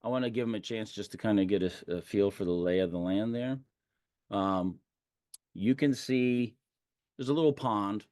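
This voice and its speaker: A man's voice: on the low side, normal speed, darkish tone, no room sound, clean studio sound. A man running a tabletop game as game master, rambling and hesitant, with many fillers and restarts.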